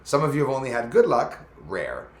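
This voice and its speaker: A man's voice: mid-range voice, sing-song, fairly quick, darkish tone. A man hosting a casual live stream, chatting loosely and greeting viewers by name as their comments come in. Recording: echoey room.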